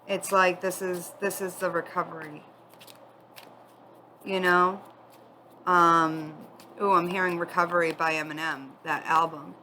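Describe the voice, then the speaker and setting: A woman giving a spiritual tarot reading, tearful and crying as she talks in a candid, halting, confiding way. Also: on the low side, little pitch movement, sharp tone, a little hiss or hum, rough recording. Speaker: tarot reader.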